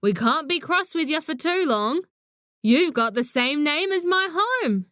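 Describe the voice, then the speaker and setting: A woman's voice: high-pitched, animated, unhurried, a bit bright, dry recording, clean studio sound, voice pushed up. A woman voicing a friendly male rescuer from Scotland who teases the children, with a Scottish accent. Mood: jokey. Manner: teasing, jokey.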